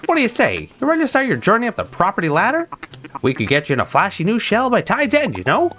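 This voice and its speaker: A game streamer voicing a hustling male crab shell trader in a video game, speaking with quick salesman patter. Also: medium pitch, wildly swooping pitch, fairly bright tone, soft background music, pitched above the performer's own voice. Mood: pushy.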